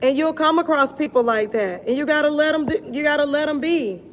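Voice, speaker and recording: A middle-aged woman wellness coach chatting casually on a live stream, animated and blunt, laughing often and talking in slang. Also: high voice, a little fast, slight background noise.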